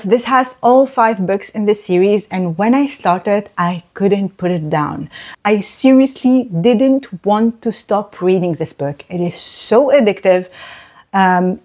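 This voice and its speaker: Woman, book reviewer, slow deliberate delivery, mid-pitched voice, emphatic, repeats words for stress. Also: darkish tone. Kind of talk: casual book review monologue.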